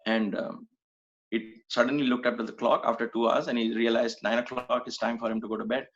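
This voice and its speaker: A man's voice: medium pitch, level tone, a little fast, muffled recording. A man giving a spiritual satsang talk, telling a personal story in a reflective, earnest, conversational way. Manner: reflective, earnest, conversational, with frequent "right?" asides. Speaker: satsang speaker.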